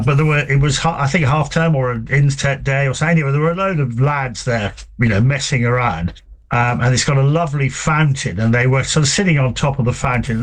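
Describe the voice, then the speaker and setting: Man, author guest, relaxed, halting, mid-pitched voice. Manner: relaxed, hesitant with many fillers, anecdotal. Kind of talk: conversational interview.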